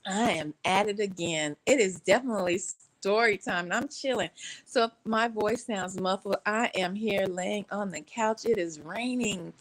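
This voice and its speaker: A woman, from Texas, telling a story in casual chat from her couch at home, animated and laughing, playfully shifting her voice. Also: medium pitch, normal speed, low-quality recording.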